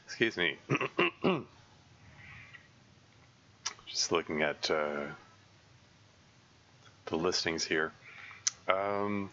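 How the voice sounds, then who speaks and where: Low-voiced man thinking aloud while streaming. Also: huge pitch swings, bright, forceful tone, highs cut off, slight background noise. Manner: halting, thinking aloud with many fillers and restarts. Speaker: game streamer. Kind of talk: casual live gameplay commentary.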